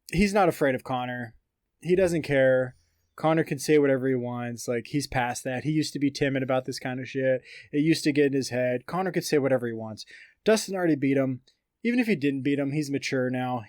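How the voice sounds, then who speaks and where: A man's voice: mid-range voice, brisk, darkish tone, no echo, studio quality. A man co-hosting a casual podcast, rambling through fight news with lots of fillers and reading quotes aloud. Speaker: podcast co-host.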